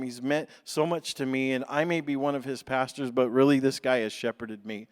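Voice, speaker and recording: A man, a pastor, giving an informal, joking introduction at church, halting with lots of fillers. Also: mid-range voice, clear, resonant tone. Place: church sanctuary. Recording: long hall reverb.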